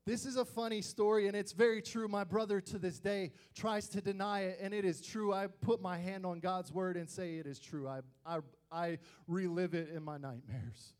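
A young man preaching to youth, telling personal family stories in an animated way and acting out the voices of people he quotes. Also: high voice, normal speed, hardly any pauses. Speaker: youth pastor.

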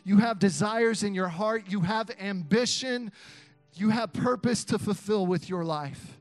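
A young man preaching an energetic sermon to a youth crowd, chanting call-and-response lines and laughing between points. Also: high-pitched, a little slow, dry recording, soft background music. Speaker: youth pastor.

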